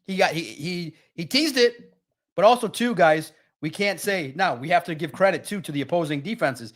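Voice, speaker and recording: Talking straight to his chat, a sports livestream host keeps things casual and energetic. His voice is fairly high and expressive, at a moderate pace.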